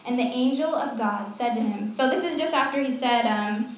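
A young woman delivers a relaxed, lively sermon full of chatty asides and frequent laughter. Her voice sits a little high and comes from some distance away, through the booming echo of a large hall. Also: normal speed, few pauses. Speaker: preacher. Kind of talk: casual sermon. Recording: echoey hall, voice from far off.

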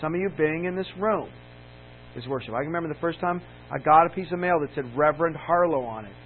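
A man's voice: a little high, fast. A man preaching a sermon as a campus minister, candid and storytelling, building to emphatic peaks. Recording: tinny lo-fi sound with faint mains hum.

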